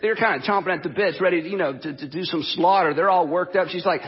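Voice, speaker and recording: A high, slightly husky male pastor preaches in an animated, conversational way and acts out the quotes as he goes. The sound is dull and lo-fi, with a long hall reverb behind it. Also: fast, hardly any pauses. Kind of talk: sermon.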